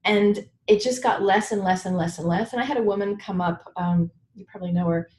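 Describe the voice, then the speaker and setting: A woman coach, a guest expert in an interview, telling her story in an animated way with laughs. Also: mid-range voice, fairly quick, reverberant. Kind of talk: conversational interview.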